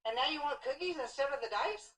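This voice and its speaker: A woman's voice: sits high, expressive, quick pace, a bit bright. A woman filming her small children at home, talking to them in a playful, coaxing way. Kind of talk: home video chat. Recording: roomy home video from far off.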